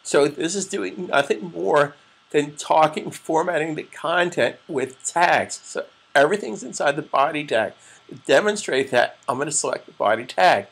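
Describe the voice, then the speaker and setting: A man with a gravelly, slightly husky voice walks through a web design screencast. His pitch sits a bit high for a man. He keeps repeating and restating each term and calls the viewers guys. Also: animated, moderate pace, fairly bright tone. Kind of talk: screencast tutorial.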